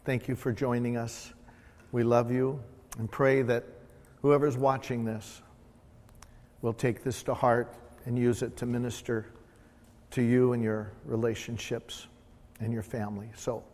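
Male pastor, mid-pitched voice, emphatic repeated points, long church reverb. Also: darkish tone. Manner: emphatic, repeats key phrases. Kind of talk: sermon. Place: church sanctuary.

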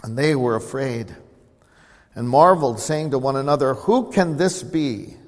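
A man preaching an expository sermon, earnestly explaining scripture and calling on the congregation to respond. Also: unhurried. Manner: swells louder reading scripture, drops low to explain. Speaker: pastor. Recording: long hall reverb.

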